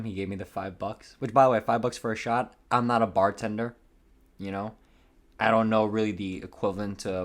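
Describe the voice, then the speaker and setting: Young guy rambling on his podcast, lowish voice, cussing and laughing at himself. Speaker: podcast host. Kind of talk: casual solo storytelling. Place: home room by a window.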